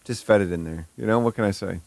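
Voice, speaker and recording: A man's voice: fairly low pitch, fast talker, gravelly, a little mellow, no echo. A man with a Michigan accent hosting a live stream, rambling and crudely joking about himself in casual chat. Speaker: streamer host.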